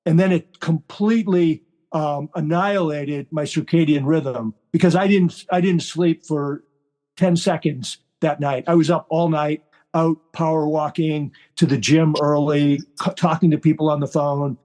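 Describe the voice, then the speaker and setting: An older man in his sixties, a retired general, tells his story as a podcast guest. His voice sits a little high for a man, and he talks with animated drive, slipping into the voices of the people he quotes. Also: a little slow. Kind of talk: storytelling in interview.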